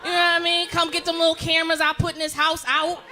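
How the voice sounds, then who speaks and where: A middle-aged woman performing a profane stand-up comedy set, telling stories loudly and animatedly. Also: very high voice, fast, music in the background, crowd noise. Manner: profane, loud, animated storytelling with frequent laughs. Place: comedy club stage with live audience.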